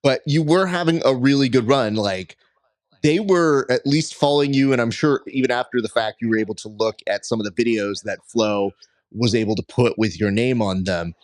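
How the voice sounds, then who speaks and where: A man hosting an interview podcast, asking questions in an animated, playful way. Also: mid-range voice, moderate pace, dry recording, clean studio sound. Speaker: podcast host.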